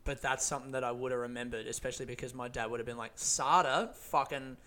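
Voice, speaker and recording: A man's voice: mid-range voice, little pitch movement, racing, a bit bright. A young man rambling through a personal childhood story in casual, profane chat, often laughing as he talks.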